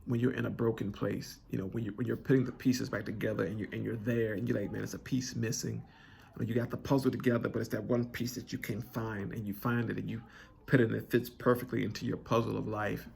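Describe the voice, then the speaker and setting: A man's voice: on the low side, flat delivery, quick pace, gravelly, a little mellow, slight background noise. A man, telling a personal story in an earnest, conversational way with many restarts, choked up with emotion. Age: 20s. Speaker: vlogger telling his proposal story.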